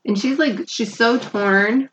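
A woman co-hosting a podcast, chatting casually about a TV show in a relaxed, agreeable way and laughing easily. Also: fairly high pitch, takes it slowly, slight background noise. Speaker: podcast co-host. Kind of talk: casual chat recapping a TV show. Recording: dull lo-fi sound.

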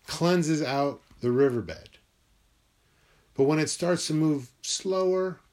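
A man's voice: mid-range voice, a little mellow. A man talking alone in his room in a rambling, musing monologue, swearing freely as he goes. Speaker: vlogger.

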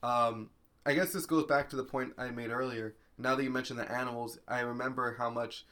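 A man's voice: mid-range voice, fairly even intonation, fairly quick, sharp tone. A man co-hosting a podcast, talking in a laid-back, profane, agreeable way. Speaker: podcast co-host. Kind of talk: casual chat.

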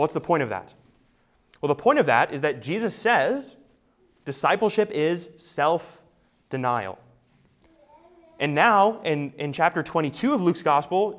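A man preaching an expository sermon, emphatic and full of rhetorical questions. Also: a little high. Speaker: pastor.

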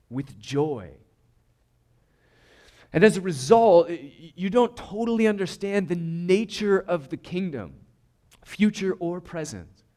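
A man's voice: high voice, darkish tone. A man preaching a sermon in an earnest, emphatic way, often restarting and repeating words. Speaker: pastor.

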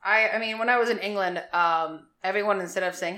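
Bright, animated American woman. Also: mid-range voice, quick pace, echoey room. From Philadelphia area. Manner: animated storyteller, acts out quotes. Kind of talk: casual chat.

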